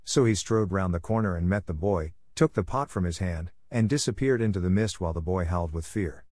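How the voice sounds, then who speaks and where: A man narrating a classic story in a measured, storytelling manner. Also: sits low, a little mellow, no room sound, clean studio sound. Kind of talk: audiobook reading.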